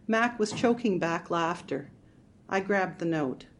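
A woman narrating a first-person audiobook in a measured, even storytelling manner. Her voice sits a little low.

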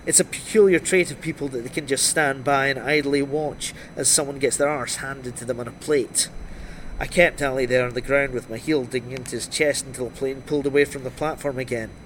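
A man's voice: mid-range voice, fairly even intonation, a little fast, a bit bright, slight background noise. Man narrating a gritty crime thriller. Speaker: audiobook narrator. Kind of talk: first-person crime novel narration.

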